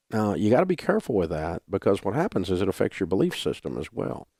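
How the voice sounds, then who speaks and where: A man's voice: lowish voice, vocal fry, a little mellow, dry recording, clean studio sound. Blunt older Southern man on talk radio. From Southern United States. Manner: folksy, blunt, emphatic. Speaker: radio talk show host.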